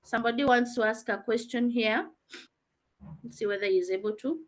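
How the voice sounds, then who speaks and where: Woman, teacher, online class, video call, explanatory, fairly high voice. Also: steady tone, normal speed. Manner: explanatory, questioning students.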